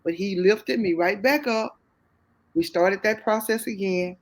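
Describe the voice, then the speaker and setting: A woman's voice: medium pitch, unhurried. A woman with a Southern US accent, speaking as a guest and telling her life story openly, full of faith and repeating phrases for emphasis. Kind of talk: candid testimony in conversation.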